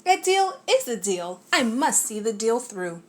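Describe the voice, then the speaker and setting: A woman voicing a big, gentle, honest male elephant in a storybook read-aloud, sounding worried and pleading. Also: on the high side, sing-song, unhurried.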